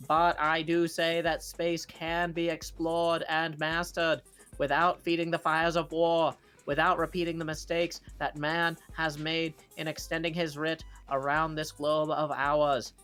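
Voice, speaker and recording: A man doing a put-on Massachusetts accent, playing a male politician who delivers a slow, grand speech. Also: on the high side, little pitch movement, fairly bright tone, clean tone, soft background music. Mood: orating. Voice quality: slow, declaiming oratory.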